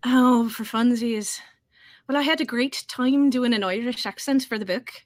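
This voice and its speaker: A woman's voice: fairly high pitch, normal speed, no echo, clean studio sound. A woman, an audiobook narrator, chatting as a guest in a casual interview, laughing often and poking fun at herself. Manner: laughs often, self-deprecating.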